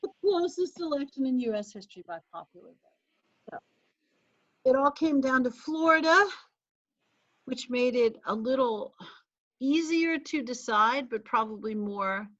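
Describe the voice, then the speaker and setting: A woman's voice: high-pitched, expressive, a little slow, long pauses, a bit bright. A woman teacher giving a casual online class lecture, chatty and laughing at herself, with the odd sneeze and cough. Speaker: college teacher. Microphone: video call. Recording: slightly dull video call audio.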